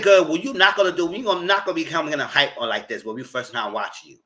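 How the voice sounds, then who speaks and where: A man giving casual, chatty recap commentary on a reality show, often jumping into a high voice to mimic people. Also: racing. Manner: chatty, animated, mock-quotes people in a high voice. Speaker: TV recap host.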